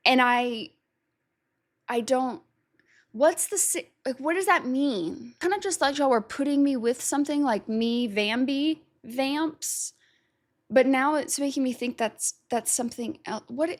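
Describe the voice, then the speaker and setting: Uncertain woman thinking aloud. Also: fairly high pitch. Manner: thinking aloud, unsure, trailing off into self-doubt; reads lyrics aloud slowly. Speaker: music reaction host. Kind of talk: casual reaction commentary.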